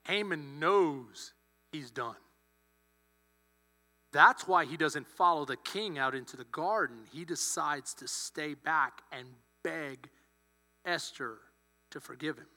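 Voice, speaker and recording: A male pastor telling a story in a sermon, animated, acting out the characters' lines. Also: fairly high pitch, slow, pauses often. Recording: long hall reverb with mains hum.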